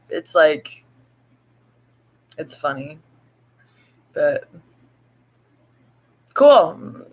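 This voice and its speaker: A woman's voice: sits low, low-quality recording. A woman chatting casually to viewers at home at night, rambling and laughing as she talks. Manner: rambling, laughing, slow and drawn-out. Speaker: vlogger.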